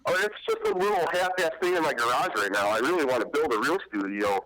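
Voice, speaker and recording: A man's voice: on the high side, wildly swooping pitch, fast, sharp tone, no echo, low-quality recording. A man calls in to a loose talk show and rambles along in a casual, joking way. He pokes fun at himself as he goes, and his tone stays friendly and easy. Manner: joking, rambling, self-mocking. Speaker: caller and cannabis activist. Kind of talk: casual call-in chat.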